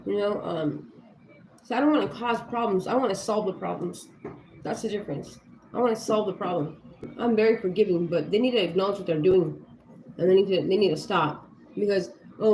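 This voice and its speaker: A woman's voice: mid-range voice, a little fast, darkish tone. A woman livestreaming in casual talk, blunt and heated, swearing often and filling her speech with "you know" and "like.". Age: adult with young children. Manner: heated, blunt, swears freely, many fillers. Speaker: livestream host. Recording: echoey room with faint ambient noise.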